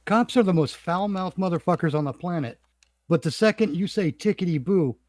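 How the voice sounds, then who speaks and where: A man's voice: high-pitched, expressive, moderate pace, a little mellow, dry recording. A man hosting a casual podcast chat, ranting bluntly and swearing freely. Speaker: podcast host.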